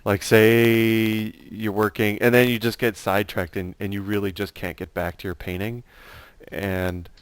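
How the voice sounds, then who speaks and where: A man casually chatting about his painting as he works, relaxed and rambling with lots of fillers. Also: fairly low pitch. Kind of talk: casual chat while painting.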